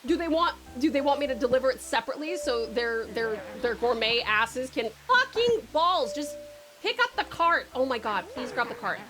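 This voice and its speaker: A woman's voice: high-pitched, big pitch swings, moderate pace, over music. An Australian woman from Tasmania streaming a game, frantic, swearing a lot and laughing often. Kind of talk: casual gameplay commentary.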